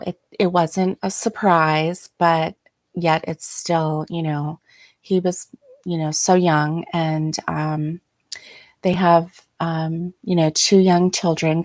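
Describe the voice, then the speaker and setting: An older woman chats slowly and softly as she hosts a livestream from a chair at home. Her voice sits a little low and she pauses often with ums, sounding tired and yawning. The sound is dry and close. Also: level tone, dry recording. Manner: soft, halting, many ums and pauses. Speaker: host. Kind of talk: casual livestream chat.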